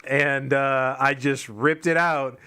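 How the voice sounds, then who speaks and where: Bright-voiced man telling a rambling story. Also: mid-range voice, steady tone, slow, smooth. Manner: rambling, profane, self-mocking storytelling with frequent fillers. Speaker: podcast co-host telling a story. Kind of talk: casual chat.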